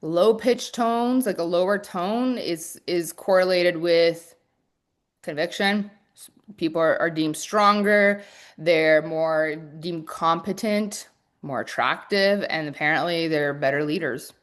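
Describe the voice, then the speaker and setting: A woman coaching her audience on a live stream, with a voice a touch lower than most women's. She speaks quickly and with lots of energy, often restarting her sentences mid-thought and tumbling forward into the next point. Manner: fast-talking, energetic; restarts and fillers. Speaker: business coach. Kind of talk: live-stream teaching talk.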